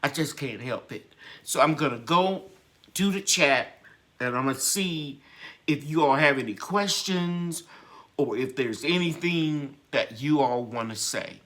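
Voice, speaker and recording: A woman's voice: low voice, measured pace. A woman hosting a gardening channel's live stream chat, talking in a heartfelt, grateful and encouraging way.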